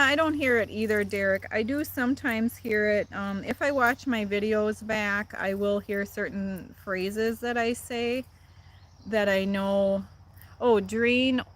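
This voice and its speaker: A chatty woman with a Midwestern accent hosts a casual livestream. Her pitch sits in a middle range, neither high nor low. She reads viewer comments and answers them with easy laughter. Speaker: livestream host. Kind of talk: casual live chat with viewers.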